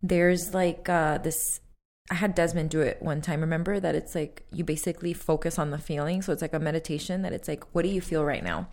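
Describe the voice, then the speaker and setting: Woman, slightly low voice, animated playful casual podcast talk. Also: fairly quick. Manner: chatty and animated, playful, acts out quoted reactions. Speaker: podcast co-host. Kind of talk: casual chat.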